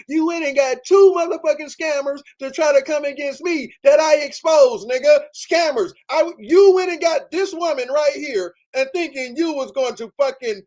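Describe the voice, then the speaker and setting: A man's voice: extremely high pitch, normal speed, hardly any pauses, darkish tone. A man hosting a livestream, ranting in a heated, profane, repetitive way. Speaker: livestream host. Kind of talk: livestream rant.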